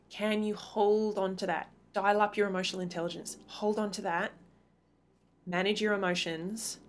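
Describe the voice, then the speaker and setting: An earnest woman in her thirties coaches parents on her own podcast. Her voice sits a little low. She leans hard on key words and now and then acts out a snappy retort. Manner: earnest, emphatic, acts out quick imagined retorts. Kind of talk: solo podcast talk.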